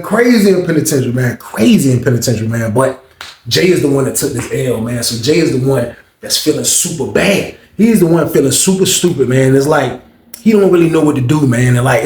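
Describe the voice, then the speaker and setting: A man's voice: a little high, echoey room. A man telling a story in a loose, casual way, full of slang, with "man" and "bro" at the end of his lines. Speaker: storyteller recounting prison life.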